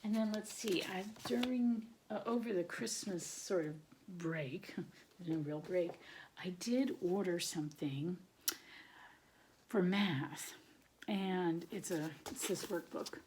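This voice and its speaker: An older woman chatting casually from home about her child's learning, rambling and drifting into soft, half-whispered asides as she shows materials. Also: fairly low pitch, takes it slowly, a little hiss or hum. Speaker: homeschooling parent and channel host. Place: at home, showing materials to camera.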